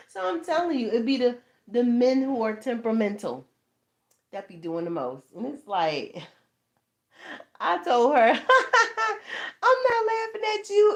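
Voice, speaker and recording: A woman in her thirties telling a casual story to her channel, animated and laughing, swearing freely, often asking "you know what I'm saying". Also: a little high. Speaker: tarot channel host.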